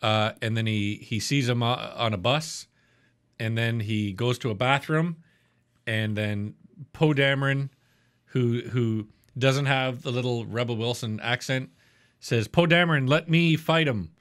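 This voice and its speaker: A man's voice: medium pitch, fairly even intonation, a little slow, fairly bright tone, smooth. A man co-hosting a podcast, casually reviewing a TV episode in a blunt, profane, rambling way. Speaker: podcast co-host.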